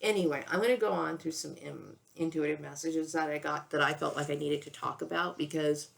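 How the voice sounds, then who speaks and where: An older woman in her sixties talks straight through an emotional personal monologue, close to tears. Her voice sits low and carries a gravelly fry. She keeps restarting sentences and checking in with "okay?" and "you know.". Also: fairly quick. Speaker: vlogger.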